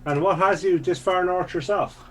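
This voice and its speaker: A man's voice: high-pitched, fairly even intonation, moderate pace. A man playing a tabletop game, speaking casually and dryly in and out of character. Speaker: player.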